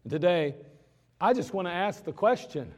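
A man preaching in a church, his high voice leaping up and down as he dramatizes the story. His words ring out with a long reverb from the sanctuary. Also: animated, moderate pace, darkish tone. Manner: dramatic, acts out scenes with voices. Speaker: pastor. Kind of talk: sermon.

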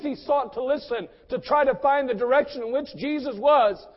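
A male pastor preaching an impassioned sermon in a church, swinging between loud and soft. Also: extremely high pitch, normal speed, few pauses, highs cut off.

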